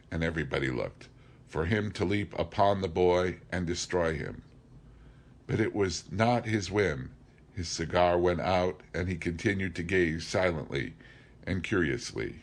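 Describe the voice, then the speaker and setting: Brief: a deep-voiced male reader, steady and deliberate, narrating a classic novel. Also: vocal fry. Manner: measured, deliberate reading with occasional slips. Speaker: audiobook reader.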